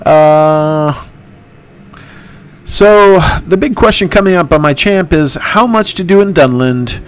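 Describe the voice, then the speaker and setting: A man's voice: fairly high pitch, takes it slowly, smooth. A man hosting a casual gaming podcast, rambling and poking fun at himself, with lots of "uh"s. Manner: rambling, self-mocking, many fillers. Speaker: podcast host.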